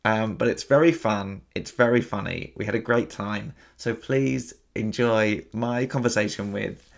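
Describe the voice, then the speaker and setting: A man's voice: lowish voice, a little slow, creaky. A young man from England hosting a casual podcast over a video call, hesitant with fillers and laughing often. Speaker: podcast host.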